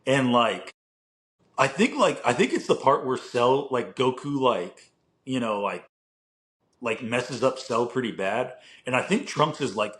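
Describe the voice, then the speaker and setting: A young man co-hosts a podcast in casual chat, rambling with plenty of filler words and casual swearing. His mid-range voice has lively intonation, a normal speed, and a fairly bright tone.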